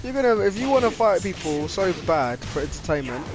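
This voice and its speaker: A man hosting a gaming channel, chatting casually while he plays and getting loudly worked up when he loses. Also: sits high, fairly quick, few pauses. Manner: excitable, gets loudly worked up over losses. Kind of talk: casual gameplay commentary. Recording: game music under the voice.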